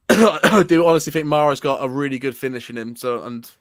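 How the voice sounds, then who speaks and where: A man's voice: medium pitch, normal speed, no echo, studio quality. An English man co-hosting a football fan live stream, teasing his partner and often restarting his sentences. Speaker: co-host of a football fan show. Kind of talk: casual live-stream chat.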